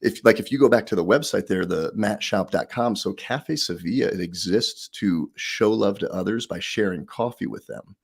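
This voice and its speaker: Guest: middle-aged man, low husky voice, lively storyteller. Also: normal speed, hardly any pauses. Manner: animated storyteller, acts out quotes. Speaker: podcast guest, author. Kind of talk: casual interview chat.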